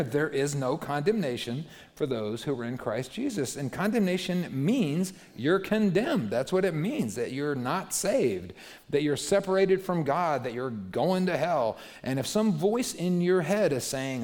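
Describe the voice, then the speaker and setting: A man preaching to a young congregation, animated, swinging between loud emphasis and quiet asides. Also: fairly high pitch, a little slow. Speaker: youth pastor. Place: church hall. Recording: long hall reverb.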